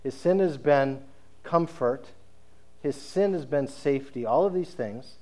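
Conversational male preacher, mid-pitched. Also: unhurried, warm tone. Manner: conversational storytelling, checks in with listeners. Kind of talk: sermon.

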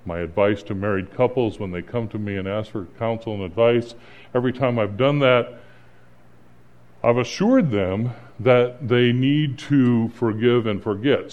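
A middle-aged man preaching as a pastor in an earnest, conversational way, pausing and restarting, then rising to emphatic points. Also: medium pitch, a little mellow. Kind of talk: sermon. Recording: slightly dull, lo-fi sound.

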